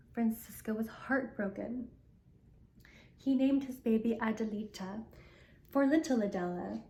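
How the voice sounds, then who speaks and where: An older woman, the show's host, reading a picture book aloud in a gentle, chatty way. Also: on the high side, roomy sound. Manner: gentle, chatty explanations, careful with foreign phrases. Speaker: storyteller.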